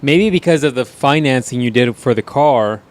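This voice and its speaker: A man's voice: mid-range voice, moderate pace. A man co-hosting a casual podcast, laughing often and throwing in crude jokes. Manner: laughs a lot, crude joking. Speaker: podcast co-host. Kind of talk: casual chat.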